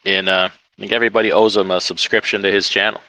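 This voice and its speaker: This man hosts a casual live stream about trucking and keeps teasing his guest. His voice is bright and forceful. The sound is dry and close to the mic. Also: on the low side, flat delivery, quick pace, dry recording, low-quality recording. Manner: joking, teasing.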